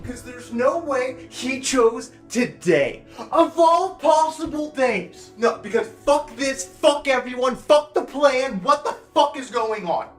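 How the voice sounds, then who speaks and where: A man voicing a furious young man who rants and swears without any filter, often shouting. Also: very high-pitched, lively intonation, slow pace, hardly any pauses, soft background music, voice pushed up, full character voice. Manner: shouting, profane ranting.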